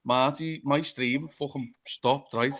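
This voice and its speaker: A man's voice: medium pitch, steady tone, slow pace, fairly bright tone. Tired male host. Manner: swears a lot, calls everyone "lad". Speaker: live show host. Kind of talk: casual late-night football chat.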